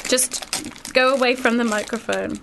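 A woman's voice: a little high, little pitch movement, measured pace, noisy background. A woman hosting a radio show in a studio, chatting casually and laughing often.

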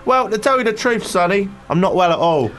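A man's voice: high voice, lively intonation, fairly quick, fairly bright tone, faint music behind, pitched above the performer's own voice. A man voicing a gloomy male scarecrow in a comic radio sketch, grumbling about his miserable lot. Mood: glum grumbling.

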